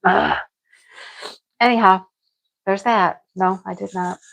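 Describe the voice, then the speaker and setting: A woman's voice: medium pitch, fairly even intonation, takes it slowly, creaky, fairly bright tone, low-quality recording. Middle-aged lady rambling on about her crochet stuff, super chatty, says things twice. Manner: chatty, rambling, repeats herself. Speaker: crochet vlogger. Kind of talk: casual chat to viewers.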